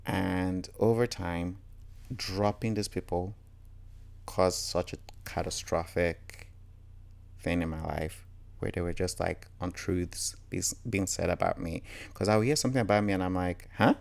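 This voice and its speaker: Unhurried and gravelly, a low-pitched male voice tells personal stories with reflection and candor. The earnest Nigerian storyteller often quotes what people told him.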